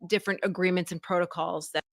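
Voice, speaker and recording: Woman, lowish voice, interviewer, explanatory, soft fillers, dry close sound. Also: fairly even intonation, quick pace, creaky, no room sound. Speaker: interviewer in an archived video. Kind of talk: interview talk.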